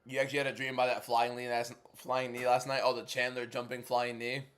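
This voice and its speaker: Young male streamer, mid-pitch, casual and chatty, answers chat with blunt opinions at a desk mic at home. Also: level tone, fairly bright tone, slight background noise. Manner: chatty, frank, quick opinions, reads viewer questions aloud. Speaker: livestream host.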